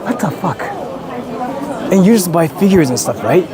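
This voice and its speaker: A young man from Japan chatting casually on a livestream as he walks through city streets. He is excitable, swears a lot and bursts into shouts. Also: sits high, moderate pace, a crowd in the background. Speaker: streamer. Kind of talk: casual livestream chat while walking. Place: busy city street outdoors. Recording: street noise behind.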